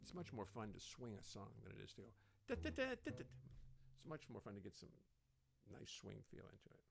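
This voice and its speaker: A man, a jazz bassist, singing a wry, playful song with scat lines from his studio, then chatting about the sound. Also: wildly swooping pitch, fast talker, reverberant, distant mic. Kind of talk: live-streamed jazz song with bass, then chat about sound levels. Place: home studio. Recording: music clearly behind the voice.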